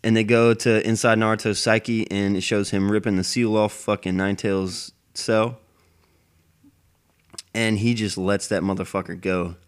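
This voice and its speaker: Man, casual monologue, rambling, constant cursing, low smooth voice. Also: flat delivery, moderate pace. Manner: heavily profane, rambling. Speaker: anime fan vlogger.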